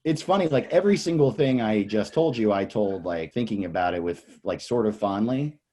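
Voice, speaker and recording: A young man tells a long, rambling story, full of swearing, and he acts out every person in it. His pitch leaps up and down, from low mutters to high yelps. It sounds like casual podcast talk. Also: brisk. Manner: animated storyteller, acts out quoted people, swears a lot. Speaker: comedian guest.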